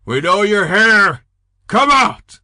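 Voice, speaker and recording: A man voicing a loud, confident male raider in an audiobook, shouting threats into the night. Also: sits high, big pitch swings, takes it slowly, dry recording, studio quality, pitched above the performer's own voice, full character voice. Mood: menacing. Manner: shouting, menacing.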